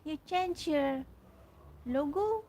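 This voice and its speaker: Soft-spoken woman chatting from her garden. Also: sits high, lively intonation, poor audio. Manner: chatty, halting, restarts often while reading comments aloud. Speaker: livestream host reading viewer comments. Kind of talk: casual livestream chat. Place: garden outdoors.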